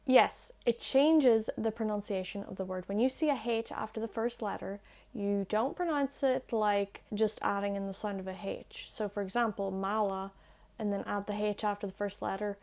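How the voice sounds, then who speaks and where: A woman's voice: mid-range voice, a little mellow. Chatty young woman teaching pronunciation. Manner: chatty, self-deprecating, slows down to demonstrate sounds. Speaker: language-learning YouTuber. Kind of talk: explaining pronunciation to camera. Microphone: earphone mic plugged into a phone.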